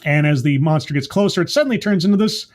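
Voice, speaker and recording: A man casually recapping a TV episode in a chatty, rambling way, often stopping to correct himself with quick asides. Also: on the high side. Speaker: TV episode reviewer.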